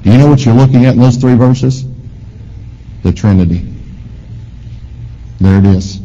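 A man pastor preaching a sermon with emphatic swings in pitch and volume, asking the congregation questions. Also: moderate pace, long pauses, mellow. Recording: long hall reverb.

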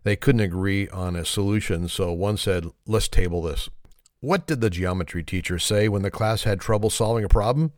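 A man's voice: fairly low pitch, moderate pace, dry recording, studio quality. A man telling corny one-liners and a long shaggy-dog joke, laughing at his own punchlines and apologizing for them. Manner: self-deprecating. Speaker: joke teller.

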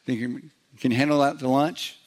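A middle-aged man preaching a sermon in a conversational way, slipping into quick acted-out voices as he goes. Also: mid-range voice, little pitch movement. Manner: conversational preaching, acts out little quoted voices. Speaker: pastor.

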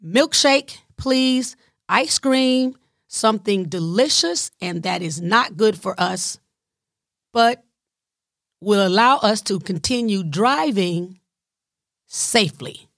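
A woman's voice: mid-range voice, expressive, a bit bright, dry recording, studio quality. Sassy inner voice, as a Southern woman puts it on. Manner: sassy, demanding, deliberately bad grammar. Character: sassy, cranky inner self of a woman craving treats.

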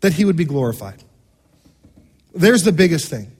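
A man preaching a sermon as pastor, asking the congregation questions and swinging between loud exclamations and hushed lines. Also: fairly high pitch, big pitch swings, normal speed, slightly rough.

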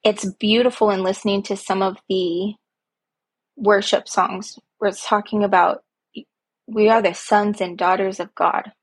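A woman talks slowly in a personal, reflective monologue, her voice a little husky. She speaks earnestly from the heart and leans on repeated phrases for emphasis. She sounds like a parent speaking about her own life. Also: medium pitch, steady tone. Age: young adult to middle-aged, a parent. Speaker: podcast host.

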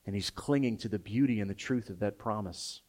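A man's voice: on the low side, a little fast. Impassioned preacher man with big dynamics. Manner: builds from soft, intimate tones to loud, impassioned emphasis; openly emotional and personal. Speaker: pastor. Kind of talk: sermon. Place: room with a live congregation.

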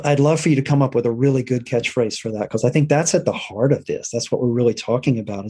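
A man's voice: medium pitch, slightly rough. A middle-aged man, a therapist, speaking reflectively in a conversational interview, often checking in with "right?". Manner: reflective, warm-hearted, frequent "right?" and restarts.

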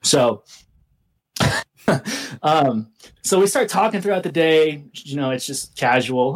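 A young man on a podcast, telling a story in casual chat with lively swearing and laughter. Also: a little high, takes it slowly, pauses often. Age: young adult. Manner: animated, swearing, laughs through his story. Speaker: podcast co-host.

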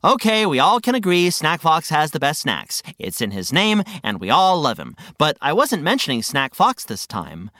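A woman voicing a friendly, patient male guide who gently explains things. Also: low-pitched, huge pitch swings, normal speed, few pauses, full character voice. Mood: gentle.

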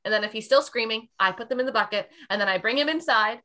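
A woman's voice: on the high side, quick pace, sharp tone. A woman hosting a podcast, a mother telling a parenting story in a chatty way and laughing often. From Canada. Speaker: podcast host, mother of a toddler. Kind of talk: casual podcast conversation.

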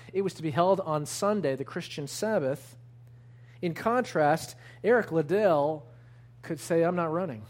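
A man preaching a sermon, earnest and emphatic, slowing down to lean on key words. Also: on the high side, darkish tone. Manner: earnest, emphatic preaching with slow deliberate stresses. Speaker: pastor.

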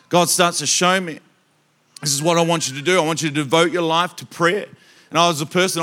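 A man preaching to a church congregation, telling animated stories that he acts out with loud bursts of emphasis. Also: a little high. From Australia. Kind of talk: storytelling sermon.

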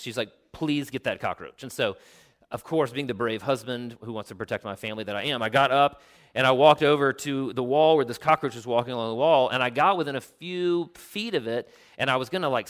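In a mid-range voice, a pastor delivers a sermon full of animated storytelling and explanations of the original Greek. He slows and quiets his voice to emphasize points.

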